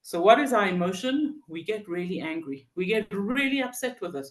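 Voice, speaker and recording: A mid-pitched teacher leads a Torah lesson on Psalms. The delivery halts over fillers and restarts and breaks into small acted-out stories. The sound carries a roomy echo, as if recorded in a synagogue hall. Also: lively intonation. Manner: halting, with many fillers and restarts; tells stories and acts out the people in them.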